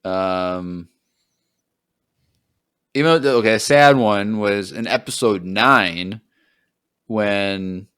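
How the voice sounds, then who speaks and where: A man's voice: extremely slow, long pauses, a bit bright, smooth. A young man co-hosting a podcast, chatting casually and rambling, acting out film quotes. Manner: rambling, acts out quotes with a jump in pitch. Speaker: podcast co-host. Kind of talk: casual chat.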